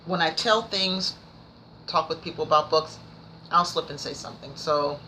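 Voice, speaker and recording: A woman reviewing books in a casual vlog, nervous and rambling, stumbling over her words but excited and passionate. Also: low voice, normal speed, slight background noise, low-quality recording. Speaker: book vlogger. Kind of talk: casual book review chat.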